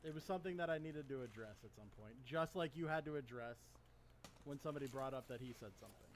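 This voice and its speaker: Measured man hosting a live panel. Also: medium pitch, slight background noise. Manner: measured, hesitant, restarts often. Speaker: streamer hosting an open panel. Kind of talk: live stream panel chat.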